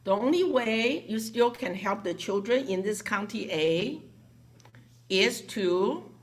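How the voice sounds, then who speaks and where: A woman's voice: medium pitch, slow pace. A woman telling a story to a gathering, acting out the voices of the people she quotes. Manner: animated, acts out quoted voices. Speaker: foundation director.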